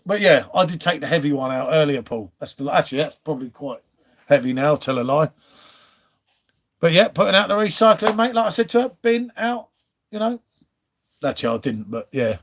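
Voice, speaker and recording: High-voiced chatty English streamer. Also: male voice, expressive, brisk. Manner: chatty, rambling, reads out chat comments. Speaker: live stream host. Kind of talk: casual chat. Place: home.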